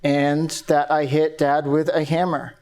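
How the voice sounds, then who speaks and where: An actor playing James, a young man questioned by his lawyer after his father's death, in a flat, guarded, matter-of-fact way. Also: a little high, unhurried. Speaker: accused son. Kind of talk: stage play acting.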